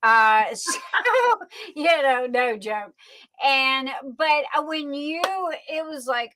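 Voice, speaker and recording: A talkative woman with a Southern Louisiana accent hosts a casual livestream, folksy and warm-spoken with endearments. Her voice sits high and sounds bright and forceful. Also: slow pace, no echo. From New Orleans, Louisiana. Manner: chatty, folksy, calls people honey and sweetie. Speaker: livestream host.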